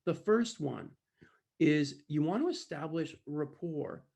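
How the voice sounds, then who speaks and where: A man who trains salespeople, giving an animated storytelling talk and acting out the dialogue of the people in his anecdotes. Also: a little high, slow, vocal fry. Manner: animated, acts out dialogue, addresses listeners directly.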